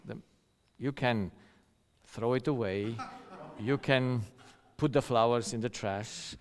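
A middle-aged man from the rural countryside preaches a sermon, telling a personal story, acting out the voices of people in it and laughing often. His voice is mid-range and slow, with long hall reverb around it.

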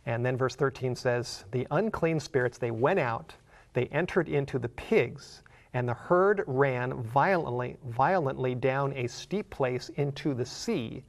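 A man's voice: medium pitch, measured pace. A man preaching a sermon. He explains a Bible passage as a story in an earnest way and builds to emphatic questions.

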